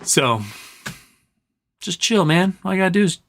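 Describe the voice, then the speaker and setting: A man's voice: sits high, lively intonation, measured pace, fairly bright tone. Laid-back rambling male streamer. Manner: rambling, laid-back, reads chat comments aloud. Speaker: livestream host. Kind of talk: casual livestream chat.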